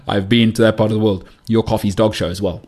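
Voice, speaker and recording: Husky, opinionated podcast host man. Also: fairly low pitch, level tone, fast talker, darkish tone. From South Africa. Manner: opinionated, emphatic, repeats punchlines. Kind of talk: solo podcast rant.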